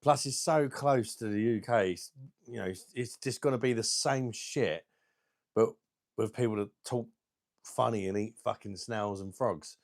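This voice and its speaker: Blunt low-voiced man. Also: a little slow, no echo, clean studio sound. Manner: blunt, crude, laughs at his own jokes. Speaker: live stream host. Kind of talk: casual live chat reading viewer comments.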